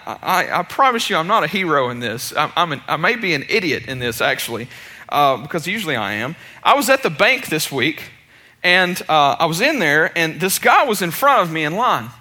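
Bright, lively-voiced male preacher. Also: on the high side, a little fast. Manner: casual and chatty, with many restarts and self-deprecating asides. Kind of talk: storytelling sermon.

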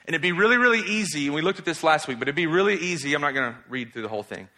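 A man preaching a sermon as pastor, reading scripture and acting out quotes with lively, mocking emphasis. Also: on the high side, very fast. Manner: animated, mocks in exaggerated voices while quoting.

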